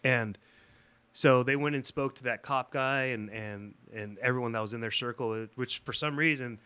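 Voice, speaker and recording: A man's voice: medium pitch, normal speed, clear, resonant tone. A man guesting on a podcast, telling a story in casual, rambling, swear-heavy talk. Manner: profane, rambling, animated.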